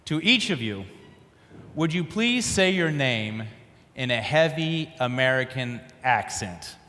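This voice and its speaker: A man voicing a talking software platform that introduces itself in a formal, salesy tone. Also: sing-song, slow, exaggerated voice. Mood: promotional. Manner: formal, announcer-like sales pitch. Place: conference stage in a large hall. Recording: long reverb of a large hall.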